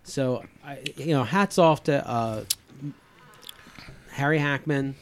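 A man's voice: mid-range voice, slow pace, clear, resonant tone. 50-something guy hosting a chat show, talks in loose rambling bits. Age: 50s. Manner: rambling, many restarts and fillers. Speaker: podcast host. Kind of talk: casual chat.

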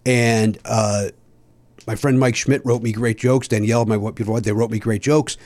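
A man, a comedian guest on a podcast, telling a long anecdote in casual chat. He is animated and profane, and acts out other people's lines. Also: medium pitch, moderate pace. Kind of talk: casual storytelling.

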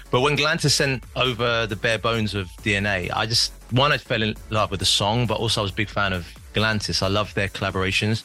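Brief: quick, bright-toned man, low-ish voice, musing guest in a radio chat, faint music under. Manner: rambling, reflective, many restarts. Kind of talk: casual interview chat.

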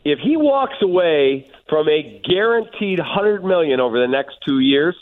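A man's voice: fairly high pitch, animated, measured pace. A man calling in as a guest on a sports radio show, giving emphatic opinions. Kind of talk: phone-in sports talk. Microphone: phone. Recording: phone line.

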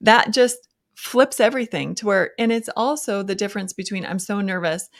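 Brief: woman podcast host, mid-pitched voice, curious, keeps the chat moving. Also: moderate pace, creaky. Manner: curious, prompting, with brief affirmations. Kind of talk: casual interview conversation.

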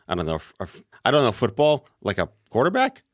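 A man's voice: mid-range voice, wildly swooping pitch, fairly quick, dry recording, studio quality. A man in his forties hosting a podcast, asking questions in a joking, playful way. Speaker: podcast host. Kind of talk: casual interview chat.

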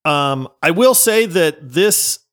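A man's voice: fairly high pitch, animated, takes it slowly, fairly bright tone. A man co-hosting a gaming podcast, chatting casually, laughing often and reading out listener reviews. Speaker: podcast co-host.

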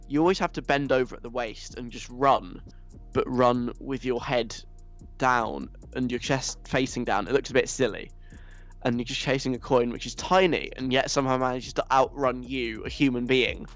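A young man hosting a radio show, reading listener messages aloud and answering them in a teasing, mock-stern way. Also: mid-range voice. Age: young adult.

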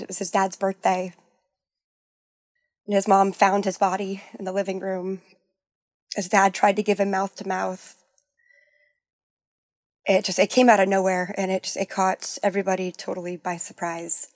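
A woman tells a personal story in an open, halting way, often restarting and trailing into soft low tones when it hurts. Her pitch sits in the middle, and the recording is close and dry. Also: level tone, dry recording. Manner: halting, full of "like" and restarts, softening to near-whispers at sad moments. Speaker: guest sharing a personal story. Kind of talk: candid conversational storytelling.

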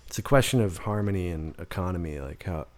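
A man's voice: sits low, fast talker, darkish tone. A man guest on a podcast, talking casually about his songwriting with frequent restarts and acted-out quotes. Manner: rambling, restarts often, acts out quotes. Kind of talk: casual conversation. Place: in-person podcast studio.

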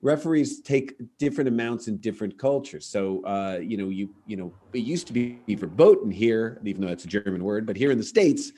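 A man's voice: lowish voice, lively intonation, fairly quick, hardly any pauses, dark tone. A middle-aged man, a comedian hosting a podcast, telling stories in a casual chat and acting out the punchlines. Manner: anecdotal storyteller, acts out quoted voices with punchlines. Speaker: podcast host and stand-up comedian.

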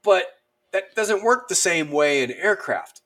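A man's voice: high voice, a little slow. A man in his thirties, an army veteran guest, telling stories casually and acting out the lines of people in them, with many fillers. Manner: animated, acts out dialogue, lots of fillers. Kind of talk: casual storytelling.

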